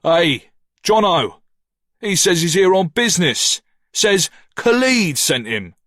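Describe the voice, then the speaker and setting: A man's voice: sits high, very animated, takes it slowly, a bit bright, no echo, clean studio sound, pitched above the performer's own voice, full character voice. A man doing a mocking, brutish thug. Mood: calling out.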